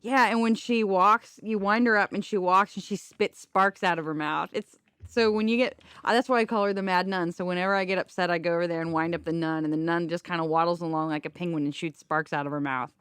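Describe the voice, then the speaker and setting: A woman's voice: lowish voice, steady tone, fast talker, fairly bright tone, clean tone, no echo. Chatty woman musician, dry studio. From Kansas, USA. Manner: chatty, self-deprecating, laughs often. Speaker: musician guest. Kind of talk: casual radio interview.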